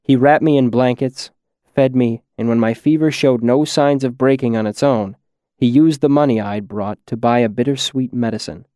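Man, audiobook narrator, measured and quiet, mid-pitched, dry close recording. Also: no echo. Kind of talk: first-person audiobook narration.

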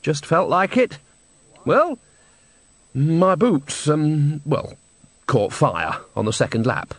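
A man's voice: fairly high pitch, big pitch swings, slow, no room sound, voice pushed up, full character voice. A man voicing a flustered man who stammers and hesitates with nervous laughs, in an audiobook. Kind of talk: audiobook character voice.

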